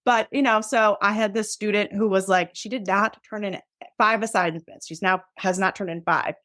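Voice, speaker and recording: A woman's voice: medium pitch, moderate pace, no echo, clean studio sound. A middle-aged woman in a casual interview, talking candidly and animatedly and often acting out what people say. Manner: candid, animated, acts out quoted dialogue. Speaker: nurse practitioner guest.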